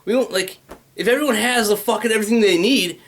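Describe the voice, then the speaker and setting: A man's voice: high-pitched, fast talker, a bit bright. A man in a casual, rambling rant, swearing often and restlessly jumping between ideas. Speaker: vlogger pitching his venture.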